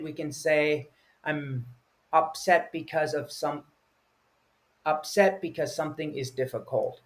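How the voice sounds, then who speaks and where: Guy w a slightly high voice teaching english words, patient, acts out little examples. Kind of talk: explaining vocabulary with examples.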